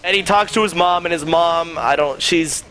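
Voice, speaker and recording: A man's voice: fairly high pitch, moderate pace, sharp tone. A young man streamer telling a rambling, profane story in casual chat, full of fillers.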